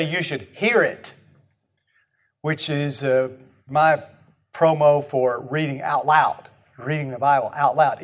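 A man preaching a sermon, talking conversationally and asking the congregation questions. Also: on the high side. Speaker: pastor.

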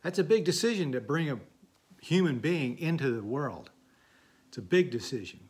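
A man's voice: fairly high pitch, sing-song, moderate pace, a little mellow, slightly rough. A man preaching a sermon in a folksy, conversational way, with asides and stories. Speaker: pastor.

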